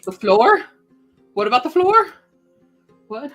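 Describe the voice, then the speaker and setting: A woman's voice: high voice, very animated, takes it slowly, a bit bright, faint music behind. A woman chatting casually on a writing livestream at home, gushing and giggly. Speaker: writing streamer.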